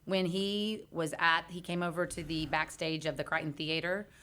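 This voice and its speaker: A woman's voice: low-pitched, fairly even intonation, moderate pace, pushed and bright. A middle-aged woman with a Texan accent, a band's lead singer, telling stories as a guest in an upbeat way. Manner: storytelling, upbeat. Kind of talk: casual chat.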